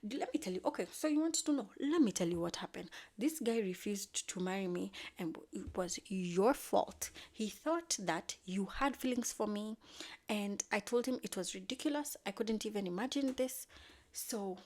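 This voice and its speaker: Woman voicing a sassy young society lady, dismissive, fed up, quick retorts. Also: mid-range voice, animated, a little mellow. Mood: exasperated.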